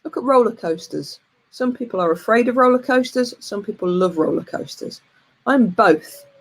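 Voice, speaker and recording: A woman in her forties, a coach giving a lively, plain-spoken motivational talk and telling a frank personal story. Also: a little high, normal speed. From United Kingdom. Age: 40s.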